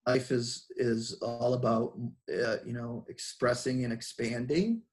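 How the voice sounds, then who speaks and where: A man with a Boston accent talks as a guest on an interview podcast. He speaks casually and reflectively, often pausing with fillers and restarting his sentences. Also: mid-range voice, flat delivery.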